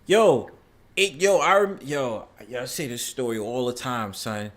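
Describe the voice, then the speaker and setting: Excitable man. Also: medium pitch, a little slow, over a noisy crowd. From New York. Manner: excitable storyteller, swearing freely. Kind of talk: casual panel chat.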